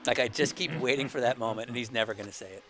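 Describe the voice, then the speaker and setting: A man's voice: mid-range voice, rapid-fire. A man co-hosting a casual racing chat over a video call, joking and sarcastic, slipping into mock play-by-play. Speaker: podcast co-host.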